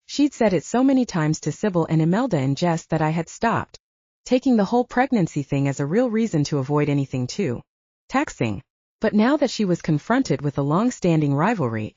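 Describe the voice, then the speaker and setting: Woman audiobook narrator, lively and mellow, dry dull lo-fi audio. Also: deep voice, no echo. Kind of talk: scripted fantasy narration.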